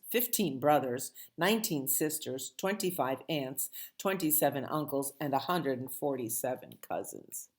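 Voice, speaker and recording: A friendly little male mouse from a picture book, eager and chatty, voiced by a woman reading to children. His lines come low and unhurried, with a lively rise and fall. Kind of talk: picture book read aloud.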